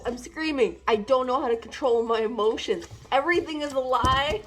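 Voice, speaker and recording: A woman chatting casually in a reading vlog, excitable and gushing, crying out in dismay at times. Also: high-pitched, takes it slowly, soft background music. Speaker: book vlogger.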